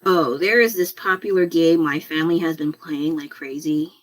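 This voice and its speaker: A woman's voice: deep voice, steady tone, normal speed. Rambling, laughing woman drawing on stream. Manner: rambling, self-deprecating, laughs often. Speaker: artist streaming a drawing session. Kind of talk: casual chat while drawing.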